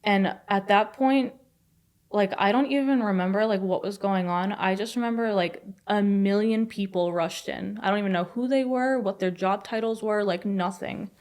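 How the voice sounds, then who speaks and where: A young woman telling a personal story as a podcast guest, fast and chatty with many fillers. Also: mid-range voice, a little mellow. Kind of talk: casual storytelling.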